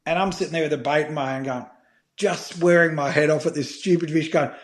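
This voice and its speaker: A middle-aged Australian man telling fishing stories in a casual podcast chat, animated and swearing freely. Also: fairly high pitch, brisk. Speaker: guest, fishing filmmaker.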